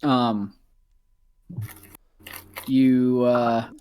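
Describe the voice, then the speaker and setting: A man's voice: medium pitch, flat delivery, drawn-out words, mellow, slight background noise. A man narrating as game master in a casual way, with many ums and uhs.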